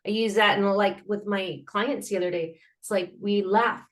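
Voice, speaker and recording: A woman's voice: mid-range voice, normal speed. A woman talks as an interview guest in an earnest, rambling way. She restarts her sentences often and fills gaps with fillers. She breaks into acted-out noises and fake laughter to make her points. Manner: animated, acts out sounds and laughter. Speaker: guest, mental health advocate. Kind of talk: casual interview talk.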